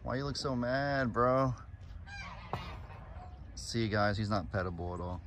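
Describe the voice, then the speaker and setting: A man's voice: medium pitch, unhurried, fairly bright tone, a little hiss or hum. A man vlogging outdoors on a farm in a casual, chatty way, cooing fondly at the animals in a baby voice. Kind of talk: casual chat to camera.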